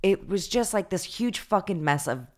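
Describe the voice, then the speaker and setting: A woman co-hosting a podcast, telling a story in an animated, casual way full of fillers. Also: mid-range voice, normal speed. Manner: chatty, animated retelling with lots of fillers. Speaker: podcast co-host.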